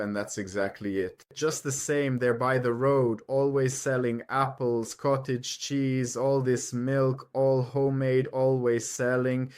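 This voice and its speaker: Chatty man vlogging from a truck cab. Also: mid-range voice. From Ukraine. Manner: rambling, chatty, addresses viewers as friends. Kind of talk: casual chat while driving.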